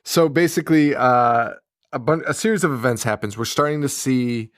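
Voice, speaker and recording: A man's voice: medium pitch, moderate pace, no echo. Male podcast co-host, casual profane film recap, acts out quotes, dry close mic. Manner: profane, animated retelling with acted-out quotes. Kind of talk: casual movie recap chat.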